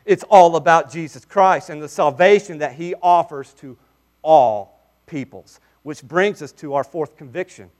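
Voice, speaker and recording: A man preaching a sermon, swinging between hushed asides and forceful, emphatic declarations. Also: on the high side, a little slow. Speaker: pastor.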